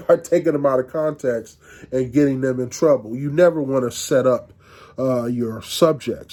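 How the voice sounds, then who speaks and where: A middle-aged man giving a university lecture in a conversational, halting way, with frequent restarts and fillers. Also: medium pitch, dark tone.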